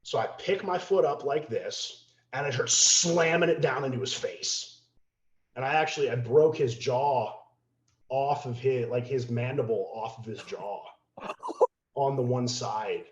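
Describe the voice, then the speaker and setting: A mid-range male voice at a measured pace tells a story as a guest on a podcast, animated, casual and profane, acting out the voices of the people involved. The audio is roomy and slightly dull.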